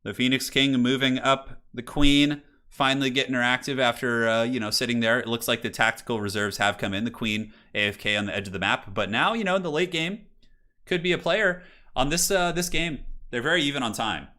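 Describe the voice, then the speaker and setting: A man's voice: medium pitch, a little fast, bright, forceful tone. A man casually commentating a chess match on a live stream, chatty and jokey, answering chat and swearing now and then. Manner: loose fillers, swears casually.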